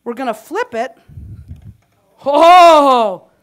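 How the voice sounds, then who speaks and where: High-voiced woman, joking cooking demo. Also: animated, extremely slow. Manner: chatty and joking, talks to the audience while cooking. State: slightly winded. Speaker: cooking demonstrator. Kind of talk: live cooking demonstration. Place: conference hall kitchen stage.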